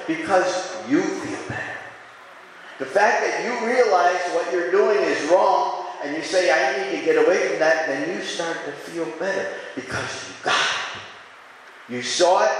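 Fervent preacher in an echoey hall. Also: male voice. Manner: swings between loud fervent calls and hushed low musing. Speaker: pastor. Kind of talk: sermon. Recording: echoey hall, faint room noise.

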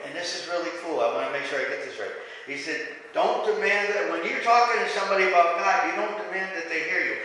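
Male pastor, high bright voice, conversational sermon, rhetorical questions, echoey church hall. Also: fast talker, far from the mic, slight background noise.

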